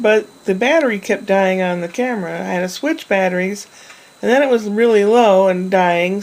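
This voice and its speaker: A woman's voice: medium pitch, darkish tone, poor audio. A woman vlogger talking to her camera in a chatty, meandering way, talking to herself now and then. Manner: chatty, meandering, with laughs and self-talk. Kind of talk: casual rambling monologue.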